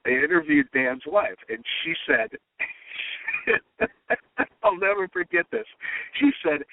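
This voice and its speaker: Male comedy writer telling lively anecdotes, mimicking quotes; thin phone-line audio. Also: a little high, takes it slowly, noisy background. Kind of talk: storytelling interview talk. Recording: tinny phone-line sound.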